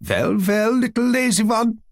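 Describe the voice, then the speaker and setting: A man's voice: very high-pitched, a little slow, pitched above the performer's own voice. A man voicing a cheerful old male tutor with a German accent, jolly and teasing.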